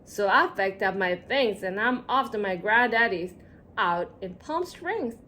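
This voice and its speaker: A woman voicing a panicky storybook man in a rain slicker, yelling a warning in a raised voice. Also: medium pitch, animated, measured pace, a little hiss or hum, voice pushed down. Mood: alarmed. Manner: yelling, alarmed.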